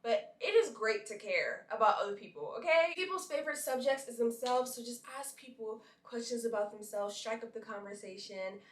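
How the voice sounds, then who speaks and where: A young woman from Brooklyn tells a story to her viewers in a chatty, animated way, dropping in likes and asides. Her voice sits a little high. She is a bit back from the mic in an echoey room. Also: moderate pace, few pauses, far from the mic. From Brooklyn, New York. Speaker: model and vlogger. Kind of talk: casual storytelling to camera.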